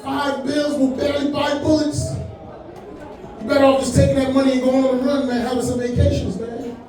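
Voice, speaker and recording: A man in his forties performs a stand-up set on a comedy club stage, his voice high but mellow, with little pitch movement and a slightly fast pace. He's relaxed and chatty, repeatedly dropping "man" and "you know what I'm saying". The echoey audio comes from far off in the club, over soft background music.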